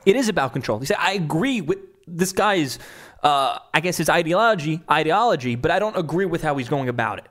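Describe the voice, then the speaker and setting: A man's voice: fairly high pitch, expressive, a little fast, fairly bright tone. A man giving reaction commentary, talking it through with frequent restarts.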